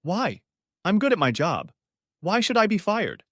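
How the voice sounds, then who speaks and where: A man's voice: sits high, huge pitch swings, a little slow, fairly bright tone, no room sound, clean studio sound, voice pushed up, exaggerated voice. A man voicing a heartbroken middle-aged wife who begs through tears. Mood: shaken. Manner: tearful, begging.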